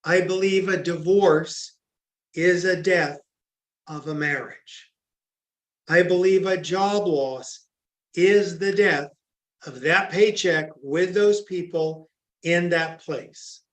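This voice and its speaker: A man's voice: high voice, slow pace. A man giving a recorded training talk on grief, earnest and emphatic as he tells stories. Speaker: grief educator. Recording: echoey room.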